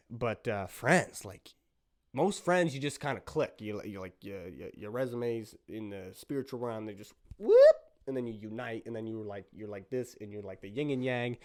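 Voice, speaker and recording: A man's voice: on the low side, no room sound, clean studio sound. Rambling, slangy young man podcasting solo. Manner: rambling and playful, slangy, with sudden loud bursts. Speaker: podcast host. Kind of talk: casual solo podcast monologue.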